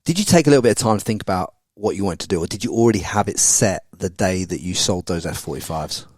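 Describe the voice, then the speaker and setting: A man hosting a casual podcast interview, blunt and energetic, swearing freely. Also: sits low, fast talker, dry recording. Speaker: podcast host.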